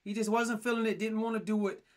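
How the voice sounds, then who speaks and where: A man's voice: high-pitched, quick pace. A young man co-hosting a podcast, telling stories in casual, emphatic chat. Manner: animated storytelling, emphatic. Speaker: podcast co-host.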